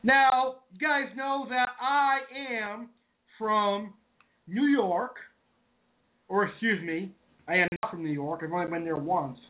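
A man's voice: high-pitched, slow pace. A man from Massachusetts, hosting a casual online cooking show and chatting to viewers as "folks". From Massachusetts, New England. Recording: tinny phone-like audio.

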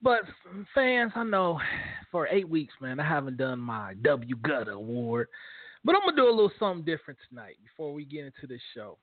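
A high-voiced man rants on a sports talk show, fired-up and blunt. The sound is thin and phone-like, and the room is dry. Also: very animated, fairly quick, no room sound. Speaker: co-host.

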